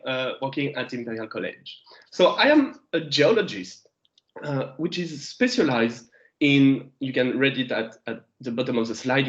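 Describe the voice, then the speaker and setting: This is a guest geologist from France, in his thirties, teaching students remotely in English with a mid-range voice and French accent. He searches for words, pausing and beginning again. The sound comes through a lo-fi, echoey video call.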